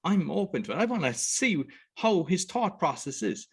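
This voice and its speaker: A man's voice: high-pitched, sing-song, normal speed, breathy edge. A man with an Irish accent hosting a podcast, talking in a loose, rambling way and acting out other people's words as he goes. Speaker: podcast host. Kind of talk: casual conversation.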